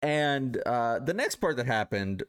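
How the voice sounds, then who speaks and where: A man co-hosting a casual podcast, introducing listener topics and telling an anecdote, with relaxed "uh" fillers. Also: medium pitch, measured pace, clear, resonant tone. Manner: easygoing, with "uh" fillers and restarts. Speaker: podcast co-host. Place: live-streamed podcast studio.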